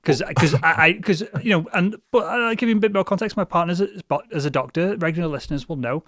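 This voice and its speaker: A man's voice: high-pitched, a bit bright, no echo. Chatty man with a dry sound. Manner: chatty, halting, many restarts and fillers. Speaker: podcast host. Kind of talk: casual chat.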